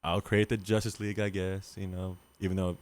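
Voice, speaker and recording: A man co-hosting a podcast in casual chat, playful and quick to laugh. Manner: playful, laughs often, lively pitch. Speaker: podcast co-host.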